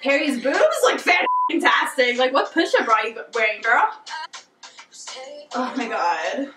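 A woman's voice: high-pitched, wildly swooping pitch, a little slow, recorded from a distance. Gushing young woman reacting, echoey room. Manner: gushing, squealing, swears and laughs a lot. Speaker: music video reactor. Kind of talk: excitable reaction vlog. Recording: echoey room, voice off-mic, music playing.

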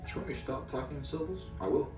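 A man doing a comedic interview, asking absurd questions in a deadpan, mock-earnest way. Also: medium pitch, rapid-fire. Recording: roomy clip audio from a distance, music.

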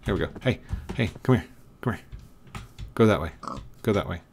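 A man with a lowish, gravelly voice narrates his gameplay casually. He keeps repeating short commands with frustrated coaxing. Faint noise and keyboard clicking sit under his voice. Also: moderate pace, darkish tone. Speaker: gaming video creator. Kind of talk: casual Minecraft commentary.

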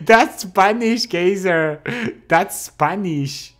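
A young man with a French accent, a live streamer chatting casually and reading comments, laughing often and teasing playfully. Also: fairly high pitch. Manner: laughs often, playful and teasing, speaks English with pauses and restarts. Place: home streaming setup.

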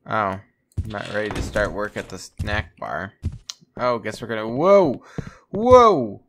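A man's voice: lowish voice, normal speed, vocal fry, fairly bright tone, slight background noise. A man giving jokey, wry let's-play commentary while playing a game. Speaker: gamer playing on a channel.

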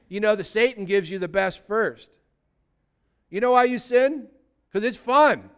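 A man's voice: high-pitched, expressive, normal speed, fairly bright tone, clean tone. A male pastor preaching a sermon in a conversational way, asking the congregation many rhetorical questions.

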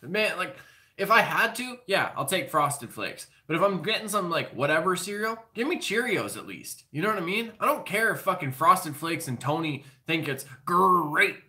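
A man's voice: high-pitched, very animated, normal speed, bright, forceful tone. A man hosting a live stream, rambling through jokes and announcements in a profane, loose, conversational way. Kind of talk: rambling comedic monologue.

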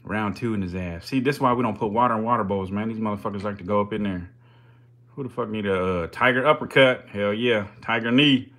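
A man's voice: on the low side, brisk, a bit bright. A man hosting a live stream, giving casual commentary in slangy, profane, hyped-up banter.

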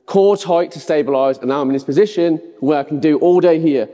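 A man's voice: on the high side, brisk, mellow, in a large hall, soft background music. A man coaching the overhead press, giving short firm cues as he demonstrates. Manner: instructive, cue-giving.

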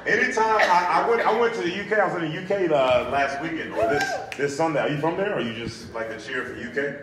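A man's voice: on the high side, lively intonation, quick pace, few pauses, recorded from a distance. A man doing stand-up crowd work on a theater stage, teasing and bantering playfully with the audience. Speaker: stand-up comedian. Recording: echoey theater with loud crowd noise. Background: audience cheering and laughing.

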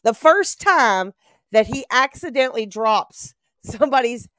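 A woman's voice: a little high, lively intonation, unhurried, a bit bright, no room sound, studio quality. An older woman co-hosting a live online talk show, chatting in a gossipy way and often laughing. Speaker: co-host. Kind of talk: casual live-stream chat.

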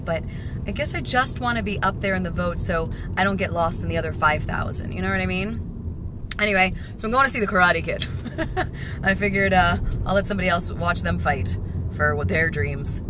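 A chatty, excitable woman vlogging from behind the wheel, holding the camera up to her face. Her talk rambles and swings from quiet asides to loud bursts. The road and car noise are clearly heard under her voice. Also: medium pitch. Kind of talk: casual excited car vlog. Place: inside a car while driving. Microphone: handheld camera facing her in the car.

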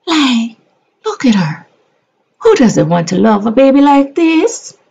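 A melodramatic narrator gushes in a raised, quavering voice, as a woman puts her on. The delivery is theatrical and sobbing, slow and gravelly underneath. The recording sounds dull and lo-fi. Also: high voice, big pitch swings, darkish tone, voice pushed up, heavily acted. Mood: gushing. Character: melodramatic gushing woman doing a tearful, over-the-top voice-over.

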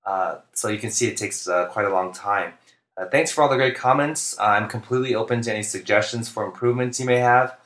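A man, a basketball coach, narrating instructional plays in a flat, deliberate monotone, speaking clearly. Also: on the low side, echoey room. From United States. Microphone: home recording for narration.

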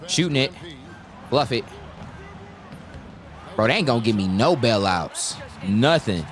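A young man giving live commentary on his own basketball video game, talking to his teammates and shouting at big plays. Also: on the low side. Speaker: gaming YouTuber.

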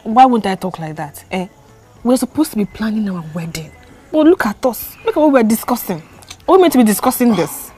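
A woman's voice: a little high, big pitch swings, a little fast, dark tone, husky, soft background music. An actress playing an anxious young Nigerian bride-to-be who reproaches and begs her fiancé not to leave. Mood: reproachful. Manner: reproachful, imploring. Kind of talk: Nollywood film acting.

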